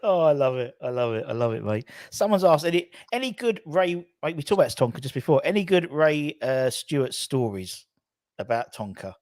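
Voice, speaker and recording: A man's voice: a little high, very animated, brisk, darkish tone, no room sound, clean studio sound. A man hosting a fan channel's live chat, reading out viewer questions with enthusiasm. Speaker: channel host.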